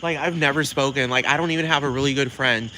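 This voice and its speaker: A man delivering a sassy, profane comedic rant, rambling fast with plenty of attitude. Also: mid-range voice, fairly even intonation, bright, forceful tone, slight background noise, poor audio.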